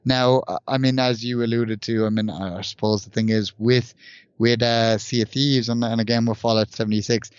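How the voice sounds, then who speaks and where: A man's voice: mid-range voice, steady tone, normal speed, smooth, dry recording, muffled recording. A man co-hosting a casual gaming podcast, rambling with many restarts. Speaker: podcast co-host.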